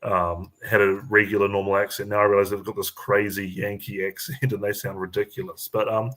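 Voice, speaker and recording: A man with a New Zealand accent chatting casually, halting with many fillers and restarts. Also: lowish voice, little pitch movement, a bit bright. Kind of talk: casual chat.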